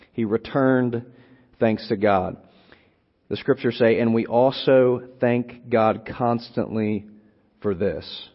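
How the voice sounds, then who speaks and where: Slow, deliberate preacher in a reverberant hall. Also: male voice, medium pitch. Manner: slow and deliberate, dwelling on single words; repeats and restarts phrases for emphasis. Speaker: preacher teaching on a Bible letter. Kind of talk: expository sermon. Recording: long hall reverb, dull lo-fi sound.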